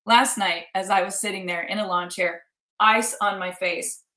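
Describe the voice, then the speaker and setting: A middle-aged woman speaks as a life coach in an earnest, emphatic motivational talk, pressing her points home through repetition. Her voice sits at a middle pitch. It echoes around a roomy space. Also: steady tone, normal speed, pushed and bright. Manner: earnest, emphatic, repeats for effect.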